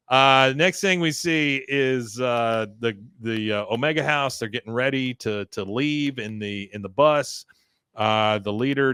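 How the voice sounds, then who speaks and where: A man's voice: mid-range voice, normal speed, fairly bright tone, smooth, no room sound. A man hosting a podcast, casually retelling a cartoon episode scene by scene, with many filler sounds. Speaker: podcast host.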